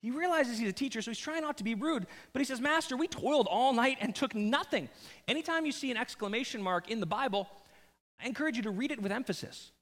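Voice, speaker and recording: A man preaching a sermon in an animated, conversational storytelling style with jokes. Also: extremely high pitch, quick pace, big-room sound. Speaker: pastor.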